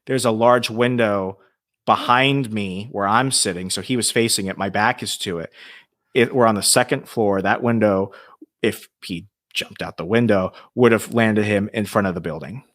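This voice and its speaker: A man telling a ghost story as a podcast guest, lively and swearing freely. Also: fairly low pitch, normal speed. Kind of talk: casual storytelling.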